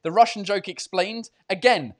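Animated laughing man hosting a live chat. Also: high voice, moderate pace. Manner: animated, laughs often, repeats "hold on"; mixes English and French. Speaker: host of a live show. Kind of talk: casual live-stream chat.

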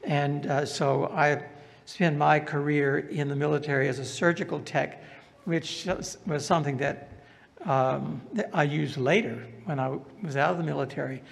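Gravelly older Southern man in a hall. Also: a little high, fairly even intonation, moderate pace. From American South. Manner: storytelling, asks the audience questions. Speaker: speaker giving a testimony. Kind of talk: personal testimony talk.

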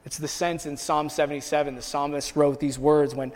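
High-voiced preacher in a reverberant hall. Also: male voice, level tone, brisk, darkish tone. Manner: rises in pitch and volume as he builds intensity; repeats and restarts phrases while preaching. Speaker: pastor. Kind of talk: sermon.

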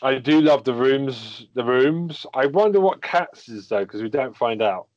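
A man's voice: medium pitch, lively intonation, measured pace, darkish tone, dry recording. A man co-hosting a podcast in casual chat, hesitant and full of ums. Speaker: podcast co-host. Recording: dull dry lo-fi mic.

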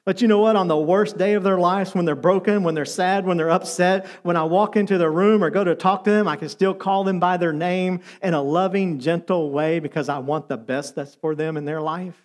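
High-voiced storytelling male pastor. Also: brisk, few pauses. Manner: storytelling, shifts between lively and soft tender delivery. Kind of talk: sermon.

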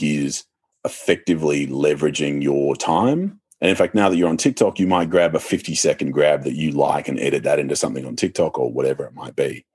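A man's voice: a bass voice, darkish tone, breathy edge. A man with a Sydney private-school Australian accent, talking casually on a podcast about marketing, articulate, often correcting himself and laughing easily. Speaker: podcast guest, lawyer.

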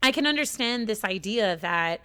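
A woman's voice: mid-range voice, lively intonation, normal speed, bright, forceful tone, clean tone. A woman from the United States talking in a casual, rambling chat, swearing a lot and getting emotional as she tells her story.

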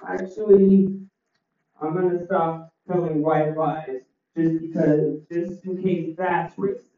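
A man doing a deadpan stand-up set with one-liners and crowd chat, his voice a little crackly, on a small club stage. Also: fairly high pitch, takes it slowly. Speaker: stand-up comedian. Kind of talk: open mic stand-up set. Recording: roomy, distant, dull club recording.

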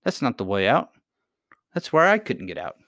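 A man's voice: on the low side, sing-song, moderate pace, a bit bright, no echo, studio quality. A man voicing a sturdy, practical young miner boy who talks bluntly and matter-of-factly in a storybook reading. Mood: alarmed. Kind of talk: audiobook character voice.

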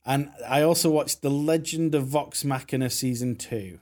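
A man's voice: medium pitch, moderate pace, a little mellow. A man from England, ranting bluntly and swearing in casual podcast chat. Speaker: podcast co-host.

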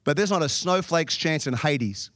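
Man preaching, quick joking asides. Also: on the high side, animated, a bit bright, a little hiss or hum. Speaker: pastor. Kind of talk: sermon.

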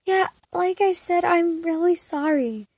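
A woman's voice: very high voice, a little slow, darkish tone, dry recording, voice pushed up. A woman voicing a timid, apologetic teenage girl who speaks in a shaky, nervous voice in a fan fiction read-aloud.

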